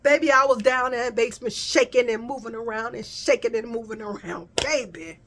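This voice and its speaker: A woman telling a casual personal story, animated and profane, often calling her listeners y'all. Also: a little high, brisk. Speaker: vlogger.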